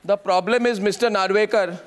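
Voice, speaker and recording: A man's voice: high-pitched, steady tone, a little fast, a crowd in the background. A man with an Indian English accent anchoring a heated television news debate, combative and mocking, repeating his phrases.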